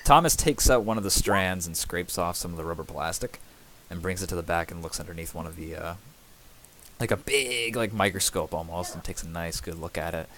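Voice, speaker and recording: A man's voice: low voice, a little fast, fairly bright tone, slight background noise. A man narrating as game master, rambling with many fillers.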